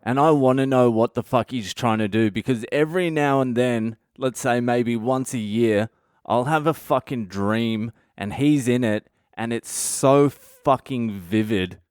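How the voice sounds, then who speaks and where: Smooth-voiced man telling comic stories. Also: mid-range voice, measured pace, no room sound, clean studio sound. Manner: profane, blunt, animated retelling. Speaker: comedian podcast host. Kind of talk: comic storytelling monologue.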